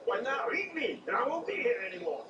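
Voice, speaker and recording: A man's voice: extremely high pitch, sing-song, fairly quick, sharp tone, muffled recording, heavily acted. A man voicing a gloomy, blunt Russian male hockey coach with a mock Russian accent, in a comic impression on a morning news show. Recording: roomy studio, distant mic, background noise.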